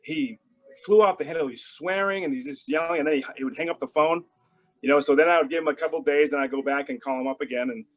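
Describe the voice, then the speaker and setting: Talking fast in a fairly high voice, this middle-aged man recounts a story as an interview guest, full of fillers and restarts. He imitates the voices from phone calls as he goes. Audio quality is poor.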